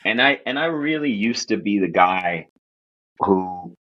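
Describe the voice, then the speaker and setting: Podcast guest, a man from Queens, New York, telling lively casual stories in a slightly low voice, muffled sound. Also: a little slow. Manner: animated, profane, acts out quoted voices. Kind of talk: casual storytelling chat.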